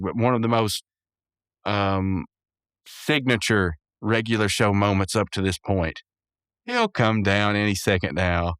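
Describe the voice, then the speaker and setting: Casual male podcast host recapping episodes, smooth resonant voice, dry close recording, meandering and chuckly. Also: fairly low pitch, fairly bright tone, dry recording. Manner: rambling, self-correcting, laughs often.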